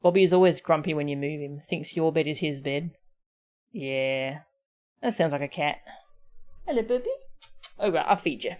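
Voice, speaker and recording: A woman's voice: low-pitched, moderate pace, darkish tone. A woman game streamer chatting casually with her viewers and her cats, her voice sore from streaming. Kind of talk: casual live-stream chat.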